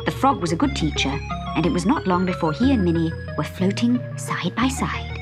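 A woman reads a children's storybook aloud, her voice rising and falling with lively expression. Her delivery is animated and clear in the telling, with music playing steadily beneath her. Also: lowish voice, a little fast. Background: background music.

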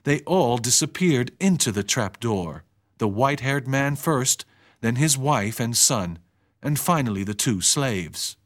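A man narrating a story chapter in an even, measured storytelling voice. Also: medium pitch. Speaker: audiobook narrator. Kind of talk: scripted narration.

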